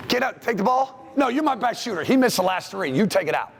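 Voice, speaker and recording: A man coaching basketball players through plays in a school gym, calling out brisk commands. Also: sits high, animated, vocal fry. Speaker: basketball coach leading a clinic. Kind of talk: on-court coaching drill instruction.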